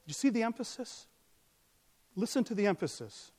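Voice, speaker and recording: Preacher guy, slightly high voice, goes big then hushed, long hall echo. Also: expressive, moderate pace, long pauses, slightly rough. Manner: earnest, rises to loud emphatic peaks then drops soft. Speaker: pastor. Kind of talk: sermon.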